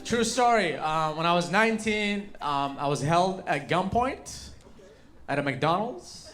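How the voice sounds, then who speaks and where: A young man from Yemen doing stand-up, telling a long story with punchy lines and deadpan asides to the crowd. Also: sits high, a little slow, faint music behind. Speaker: stand-up comedian. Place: comedy club stage. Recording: roomy club with loud crowd noise. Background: audience laughter and applause.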